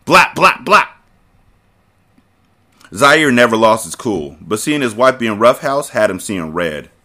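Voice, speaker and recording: A man's voice: lowish voice, lively intonation, normal speed, fairly bright tone. A man hosting a podcast, reading a novel aloud casually and breaking off to joke and comment.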